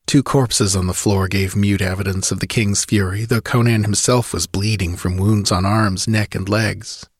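A man with a fairly low voice reads a dramatic adventure audiobook with vivid, driving storytelling. The sound is dry and close, with no room around it. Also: fairly even intonation, normal speed, hardly any pauses, husky, no echo. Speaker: audiobook narrator.

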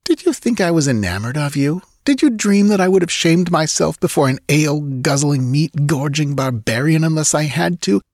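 A man's voice: very high-pitched, expressive, normal speed, hardly any pauses, darkish tone, husky, no echo, studio quality, pitched above the performer's own voice, full character voice. A man reading a story voices a haughty young woman captive in a raised, scornful put-on voice.

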